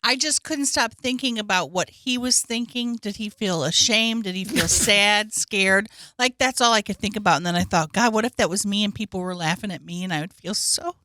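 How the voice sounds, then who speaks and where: A woman's voice: mid-range voice, normal speed, hardly any pauses, sharp tone, dry recording. A woman co-hosting a comedy podcast, chatting earnestly and emotionally, close to tears. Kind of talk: casual comedic chat.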